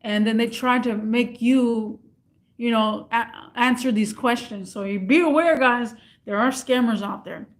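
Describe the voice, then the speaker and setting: A woman's voice: fairly high pitch, measured pace. A young woman vlogger telling a story casually to her camera, acting out both sides of a phone call.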